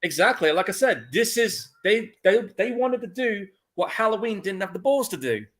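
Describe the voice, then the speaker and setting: A man co-hosting a live movie commentary podcast, agreeable, casual and expressive. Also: high voice, normal speed. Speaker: podcast co-host.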